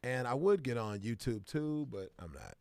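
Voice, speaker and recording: A man's voice: medium pitch, sing-song, moderate pace, darkish tone, no room sound, clean studio sound. A man from Kansas City, hosting a casual livestream and greeting viewers by name in bursts of hype. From Kansas City, American Midwest. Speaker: livestream host.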